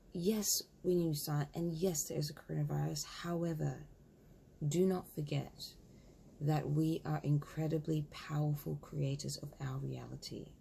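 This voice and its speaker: A woman's voice: deep voice, vocal fry, mellow, slightly rough. A woman in her thirties telling a story casually, acting out both sides of a conversation. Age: 30s. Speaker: spiritual vlogger.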